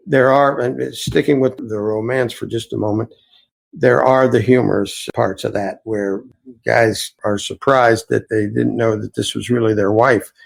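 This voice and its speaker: Male innkeeper guest, gravelly voice, earnest and reflective. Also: fairly low pitch, rough recording. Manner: earnest, reflective, rambling anecdotes. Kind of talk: storytelling interview answers.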